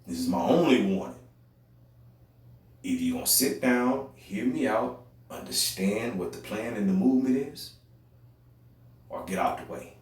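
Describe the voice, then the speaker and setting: This time the young podcast host takes a measured pace and pauses often, his intonation still lively as he gives his impassioned, preachy monologue in an AAVE accent. He repeats phrases and moves between loud outbursts and quiet lows, heard from afar in a very echoey room.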